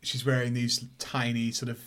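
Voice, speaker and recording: A man's voice: medium pitch, completely flat delivery, normal speed, a bit bright, clean tone. A man in a casual film review chat with an ordinary mid-range voice. He rambles, laughs often and swears freely as he talks.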